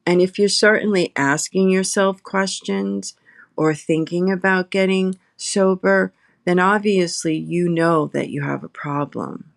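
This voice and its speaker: A middle-aged woman, a guest in recovery, telling her personal story slowly and reflectively, pausing often. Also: lowish voice, fairly even intonation, creaky, no room sound, studio quality. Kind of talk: emotional personal testimony. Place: her apartment.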